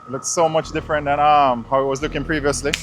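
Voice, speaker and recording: A man's voice: on the high side, steady tone, fast talker, loud music behind the voice. A man vlogging a car detailing job, talking casually and slangily to his viewers as he works. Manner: laid-back, slangy, addresses viewers as guys. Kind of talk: casual how-to narration. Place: outdoors beside a car being washed.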